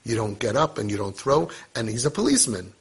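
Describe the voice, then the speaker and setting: A man's voice: medium pitch, sing-song, fast talker, slightly rough. A middle-aged man teaching a casual parenting lesson, mixing Hebrew and Yiddish terms into his conversational talk.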